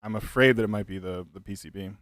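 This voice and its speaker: A man's voice: lowish voice, fast talker, a bit bright, dry recording, studio quality. A man in young adulthood chatting casually with viewers while building a keyboard, laid-back and joking, laughing often. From United States.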